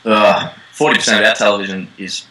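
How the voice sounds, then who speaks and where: An Australian man, a young actor, chatting casually in an interview, relaxed and rambling with lots of ums. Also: fairly low pitch, quick pace, rough recording. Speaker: actor guest. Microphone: call line.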